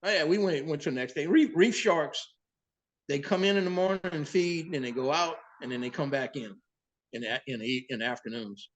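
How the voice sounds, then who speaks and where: A boat captain, a man, telling sea stories in a casual, profane, animated way as an interview guest. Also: on the high side, a little fast. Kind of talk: casual storytelling.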